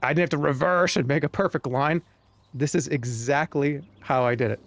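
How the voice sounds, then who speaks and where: A man's voice: a little high, moderate pace, fairly bright tone, dry recording. A man streaming a game live, chatting to viewers in a joking, rambling way. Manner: joking, rambling, talks to chat. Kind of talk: live-stream gameplay commentary.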